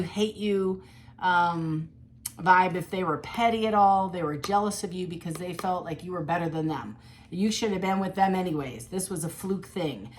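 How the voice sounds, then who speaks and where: A woman reading tarot cards in a casual, animated monologue, acting out quoted voices and laughing often. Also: fairly low pitch. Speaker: tarot reader.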